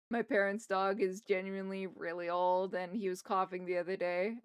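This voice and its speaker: A woman's voice: mid-range voice, fairly even intonation, normal speed, few pauses, clean tone, no echo, clean studio sound. A woman streamer chatting casually from her desk at home while she draws, rambling and talking to her pets. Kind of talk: casual livestream chat while drawing. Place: home desk in a wheeled chair.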